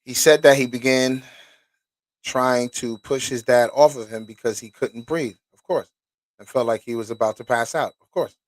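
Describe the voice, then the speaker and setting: A man's voice: medium pitch, dry recording. Casual man reading documents aloud. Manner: casual, profane, pauses to react. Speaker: host.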